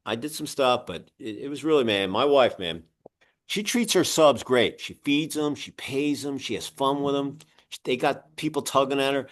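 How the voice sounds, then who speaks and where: Man, podcast host, lively intonation, chatty storyteller. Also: medium pitch, moderate pace. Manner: animated storyteller, acts out other people's voices. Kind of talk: casual interview chat.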